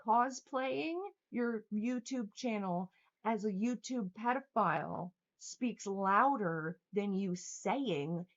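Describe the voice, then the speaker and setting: Young woman streamer going off at chat, swearing a ton, sarcastic, kinda dull lo-fi audio. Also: medium pitch. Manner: profane, heated, sarcastic. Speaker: livestreamer. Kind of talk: angry livestream rant reading chat.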